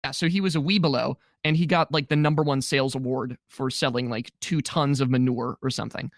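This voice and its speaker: A man's voice: medium pitch, fairly even intonation, fairly quick, vocal fry, dry recording, studio quality. A man co-hosting a podcast, casually recapping a movie plot with jokes and mocking voices for quoted characters. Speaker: podcast co-host. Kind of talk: casual movie review chat.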